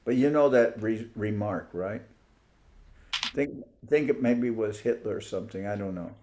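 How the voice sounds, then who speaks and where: A spiritual teacher with a lowish male voice gives an informal online talk to devotees over a video call at normal speed. He muses aloud and pauses to search for words and names. There is background noise.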